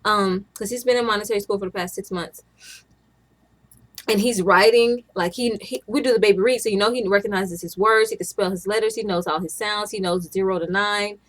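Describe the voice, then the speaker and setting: A woman's voice: mid-range voice, fairly even intonation, fairly quick, fairly bright tone. Young woman, casual vlogger, chatty and meandering, mid-range voice. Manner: chatty, rambling, with frequent restarts and laughs. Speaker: stay-at-home mom vlogger. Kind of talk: casual chat to camera.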